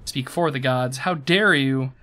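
A man's voice: mid-range voice, unhurried, sharp tone. A man voicing an arrogant male sea lord who calls himself a god, haughty and mocking, in a read-aloud game story. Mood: scornful. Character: arrogant male self-made sea god, proud then terrified.

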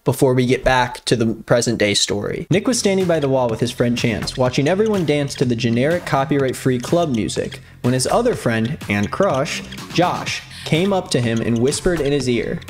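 A man's voice: mid-range voice, expressive, normal speed, few pauses, faint music behind. A young man, a video host, reading fan fiction aloud in a playful, giggly storytelling manner. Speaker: youtuber.

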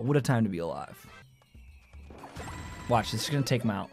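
A man giving live gameplay commentary, joking with his chat and yelling and squealing when things go wrong. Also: medium pitch, a little fast, creaky, long pauses, soft background music. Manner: excitable, yells and squeals at game moments. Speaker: gaming streamer.

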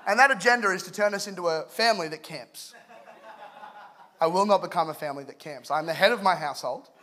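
Guy from england preaching, jokey storyteller, high bright voice. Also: quick pace, a little hiss or hum. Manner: joking, animated storyteller. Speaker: pastor. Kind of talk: humorous sermon.

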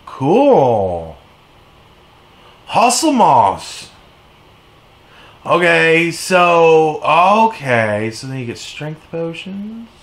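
A man playing a video game and commenting as he goes, excitable, yelling and swearing at his units. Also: extremely slow, pauses often. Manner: reads in-game text aloud in a low, quiet voice. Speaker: let's play gamer.

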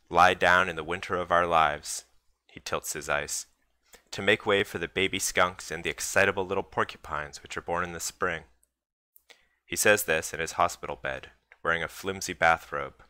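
A man's voice: low voice, pushed and bright, dry recording. A man reading a chapter of his own novel aloud, in a dry, understated manner. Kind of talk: book reading.

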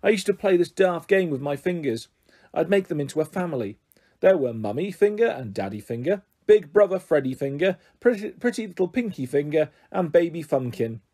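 Husky, mellow-voiced man reading a story. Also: on the high side, a little fast. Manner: lively, expressive narration. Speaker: story reader. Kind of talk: reading a children's book aloud.

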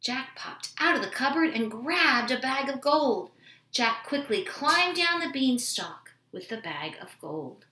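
Expressive woman reading a children's story. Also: high voice, unhurried, roomy sound, a little hiss or hum. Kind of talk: children's story read-aloud. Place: home room with dogs.

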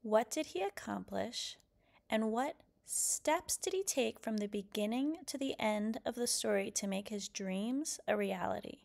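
A woman reading a children's picture book aloud, lively and expressive, then posing questions to young listeners. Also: a little high, measured pace, gravelly. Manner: expressive, lively character quotes. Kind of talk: read-aloud storytelling.

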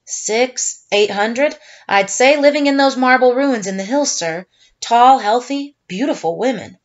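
A woman's voice: a little high, measured pace, muffled recording, close to an everyday voice. Woman reading as a dutiful young lieutenant. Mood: reporting. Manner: reporting, deferential.

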